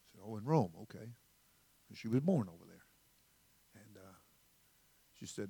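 Older man, pastor, folksy rambling sermon, mid-pitched, dry close sound. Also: lively intonation, moderate pace, pauses often, dry recording. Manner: folksy, rambling storytelling with asides. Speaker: senior pastor. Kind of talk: conversational sermon.

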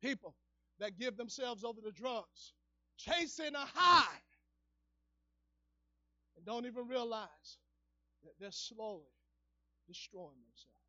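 A male evangelist preaching a church sermon, dropping to low murmurs and then rising into fervent shouting, captured on a dull, lo-fi recording. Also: expressive, takes it slowly, pauses often, no echo. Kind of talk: fiery preaching. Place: church service.

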